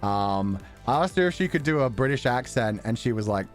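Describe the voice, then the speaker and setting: A man casually chatting on a livestream, excitable, laughing often and swearing now and then. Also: medium pitch, normal speed, faint music behind. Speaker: streamer.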